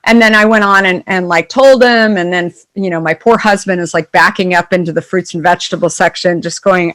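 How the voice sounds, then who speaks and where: A woman's voice: fairly low pitch, moderate pace. A middle-aged woman, a company founder, telling a story casually in an interview and acting out the people she quotes. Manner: animated, acts out quoted voices in stories. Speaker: founder and CEO guest.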